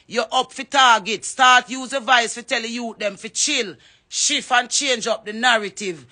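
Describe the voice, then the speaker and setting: A woman's voice: a little high, moderate pace, pushed and bright. A Jamaican woman giving an impassioned address, fervently calling on others by name to speak up. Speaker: reggae artist.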